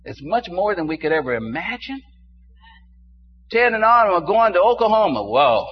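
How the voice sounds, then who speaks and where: Older male pastor, sermon delivery, quiet asides building to fervent exclamations; lo-fi church recording. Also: sits high, big pitch swings, normal speed, husky. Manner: preaching to a congregation, swings from quiet to rising exclamations. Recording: dull muffled sound with faint hum.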